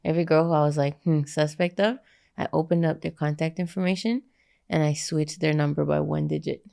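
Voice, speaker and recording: A woman's voice: low-pitched, fast talker, vocal fry. A woman, a musician guest, chatting playfully and laughing often. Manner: animated, playful, bursts of laughter. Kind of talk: casual chat.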